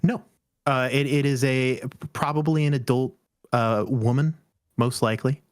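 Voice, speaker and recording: A young man running a tabletop game as game master, describing scenes and calling for checks at an easy, mid-pitched pace. The sound is dry and close. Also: measured pace, smooth, dry recording. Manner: relaxed, descriptive, calls for rolls.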